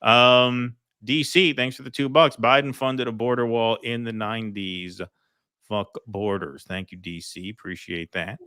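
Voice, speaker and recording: A man hosting a casual political livestream reads out viewer super chats and thanks donors, chatty and full of ums and restarts. His medium-pitched voice is clear, resonant and sharp, with fairly even intonation and an unhurried pace. The recording is dry and studio-clean.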